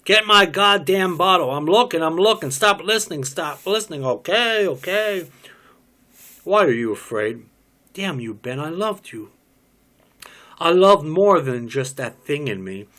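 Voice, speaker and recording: A man cold-reading a stage play, voicing a distraught, bitter pregnant young woman in loud, shrill outbursts. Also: big pitch swings, measured pace, pauses often. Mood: anguished.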